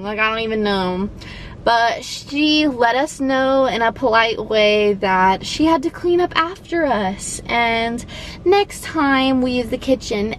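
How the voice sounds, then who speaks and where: A young woman vlogger telling a story casually, animated, swearing, with lots of "like". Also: high-pitched, a little hiss or hum, low-quality recording.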